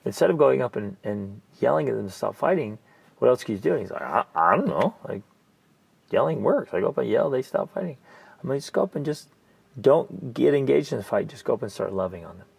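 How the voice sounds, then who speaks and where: A man co-hosting a parenting podcast, telling coaching stories in an earnest, animated way and dropping to a soft, gentle tone. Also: medium pitch, brisk, creaky, breathy edge, dry recording. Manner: earnest, animated storytelling, softens to near-whisper. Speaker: podcast co-host, family coach. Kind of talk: casual podcast chat.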